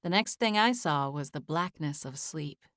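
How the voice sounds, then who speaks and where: A woman narrating a first-person novel in a steady, measured audiobook read, close to a studio microphone. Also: deep voice, no echo. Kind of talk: scripted narration.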